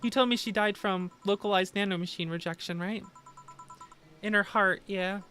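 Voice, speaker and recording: A woman's voice: medium pitch, fairly even intonation, normal speed, fairly bright tone, faint music behind, lightly acted. A woman voicing a weary, sardonic young woman bartender who speaks bluntly and swears when upset. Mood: subdued.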